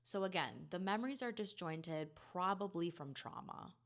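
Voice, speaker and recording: Woman, deep low voice, chatty episode recap, loose filler-heavy delivery. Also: animated. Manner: paraphrases characters in quick quoted asides. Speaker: TV recap host.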